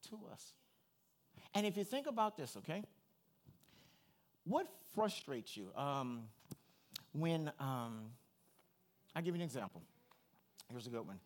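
A male pastor preaching a sermon, animated and talking straight to his congregation. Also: mid-range voice. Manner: animated, addresses the congregation directly.

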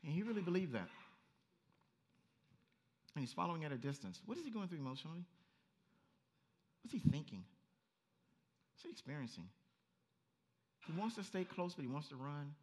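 A male pastor preaching a lively, story-driven sermon and acting out voices as he goes. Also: a little high, moderate pace, long pauses. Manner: animated storytelling, acts out voices, laughs.

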